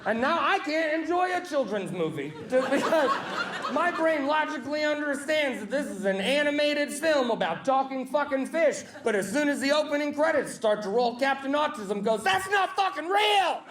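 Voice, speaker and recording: A man from the US South doing a brash, profane stand-up set on a club stage, often shouting punchlines. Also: very high voice, expressive, moderate pace. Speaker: stand-up comedian. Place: comedy club stage with live audience. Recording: echoey club with loud crowd laughter.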